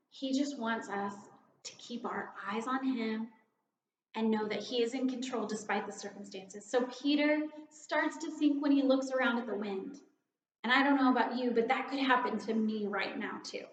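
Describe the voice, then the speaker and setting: A woman's voice: a little high, a little hiss or hum. A woman giving an informal devotional talk in an earnest, reflective, conversational way. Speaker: children's ministry director giving a devotion. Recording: echoey room, slightly dull sound.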